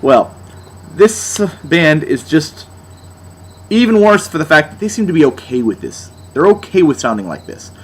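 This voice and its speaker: A man's voice: on the high side, sing-song, normal speed, husky. A young man giving a sarcastic, exasperated album review, mocking as he goes.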